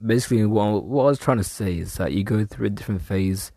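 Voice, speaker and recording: A young man with a low, gravelly, husky voice, talking in a loose, rambling monologue. His tone is mellow and relaxed, and he keeps drifting off topic with self-mocking slang. The room sounds dry and close. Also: quick pace, no room sound. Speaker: podcast host. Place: room at home.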